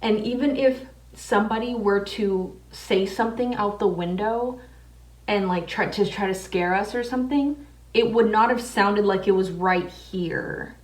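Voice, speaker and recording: A woman's voice: medium pitch, measured pace, recorded from a distance. A young woman vlogger telling a story casually, with lots of swearing and fillers while she does her makeup. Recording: echoey room, voice away from mic.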